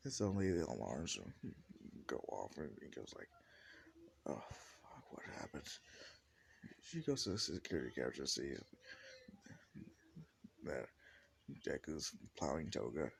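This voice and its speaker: A man with an extremely low, gravelly voice tells a fan story off the cuff. He talks slowly but his pitch jumps around a lot, and he rambles with lots of "like" and restarts. A faint hiss sits under his voice. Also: sing-song. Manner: rambling, casual, full of "like" and restarts. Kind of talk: improvised fan-fiction narration.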